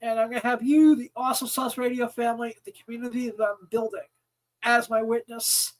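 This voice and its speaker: A man's voice: extremely high pitch, level tone, brisk, low-quality recording. A man hosting his own podcast, ranting angrily and swearing often. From United States. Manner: angry, exasperated, swearing often. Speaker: podcast host. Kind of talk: profane ranting monologue.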